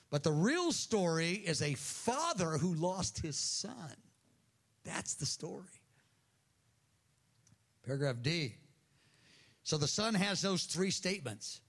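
A man preaching a sermon, telling a parable in a lively, animated storytelling way and briefly acting out the people in it. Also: on the high side. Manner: animated storytelling, acts out characters' voices.

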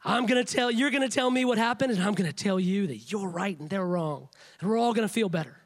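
A man's voice: high-pitched, fast, pitched below the performer's own voice. A man preaching, putting on the voice of eager friends who coax a hurt person to vent. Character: eager consoling friends who take your side.

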